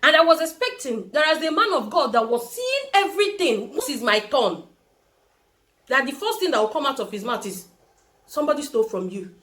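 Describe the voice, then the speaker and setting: A young woman with a Nigerian accent tells a story straight to the camera, voice riding high and swinging through a lively range. She acts out every character she quotes as she goes. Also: normal speed. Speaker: vlogger. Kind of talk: storytime vlog.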